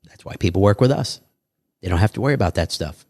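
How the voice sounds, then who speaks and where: A man, an entrepreneur guest on a podcast, talking casually in animated salesman patter and acting out dialogue. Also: fairly low pitch, quick pace, vocal fry, dry recording, studio quality. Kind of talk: casual interview talk.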